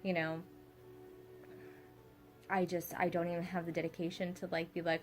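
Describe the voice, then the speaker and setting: A woman's voice: fairly low pitch, level tone, brisk, pauses often, faint music behind. A young woman, a mother, talking reflectively at home in a vlog, rambling with many fillers and asides. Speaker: vlogger, mother.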